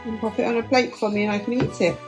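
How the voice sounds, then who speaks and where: A woman's voice: fairly high pitch, fairly even intonation, fast, over music. A mother playing with her toddler in cooing, encouraging baby talk. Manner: sing-song, cooing, encouraging.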